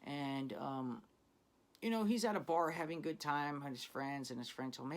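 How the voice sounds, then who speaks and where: A man's voice: fairly high pitch, moderate pace. Profane street-talking male storyteller. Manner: profane street slang, addresses viewers as guys. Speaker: channel host, storyteller. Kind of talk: casual storytelling vlog.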